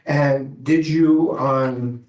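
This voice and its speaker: A man working as a defense attorney in court, questioning his client in a halting way with many filler pauses. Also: medium pitch, steady tone, a little mellow. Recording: echoey courtroom.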